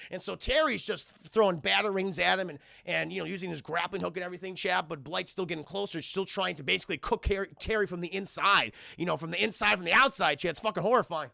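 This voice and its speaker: A man giving a casual, excitable and profane commentary as a cartoon reviewer, often talking to his chat. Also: high voice, brisk, creaky, no echo, clean studio sound.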